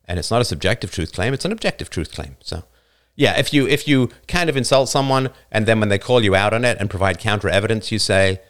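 Emphatic, argumentative man with a lowish voice. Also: lively intonation, fast talker, hardly any pauses, a bit bright. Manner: argumentative and emphatic, lecturing with chuckles. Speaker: livestream show host. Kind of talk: live show talk answering listener comments.

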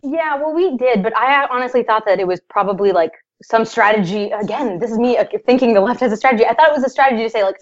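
Young woman, quick animated storytelling, medium pitch, lo-fi dull audio. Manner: fast, animated, laughing asides. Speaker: interview guest. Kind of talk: casual conversational storytelling.

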